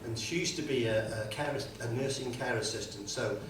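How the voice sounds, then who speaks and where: A man, introducing his song on stage in a rambling, self-deprecating way with many halting fillers. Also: medium pitch, background noise. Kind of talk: live stage storytelling between songs. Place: live music venue with audience. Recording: roomy live recording from a distant mic with guitar.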